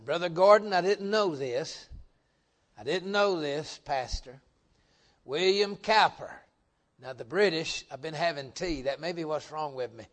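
A middle-aged man preaching a folksy revival sermon, joking with the congregation and swelling into loud emphatic bursts. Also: on the high side, animated, a little slow.

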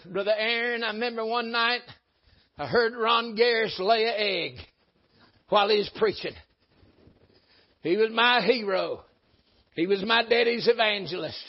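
A man's voice: sits high, dull audio. A man preaching a folksy sermon, rising and dropping in volume for emphasis. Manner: folksy, emphatic preaching with sudden rises and drops. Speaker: pastor.

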